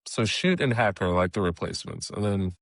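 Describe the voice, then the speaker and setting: A man from California, a guest comedian, chatting casually on a podcast with relaxed, hesitant speech and frequent restarts. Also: low-pitched, brisk, vocal fry, no room sound, studio quality.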